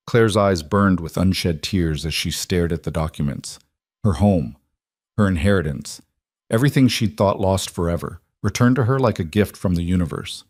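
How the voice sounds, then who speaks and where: A man reading a dramatic romance story as narrator, in a measured, even way. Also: sits low, no room sound, clean studio sound. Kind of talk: scripted narration.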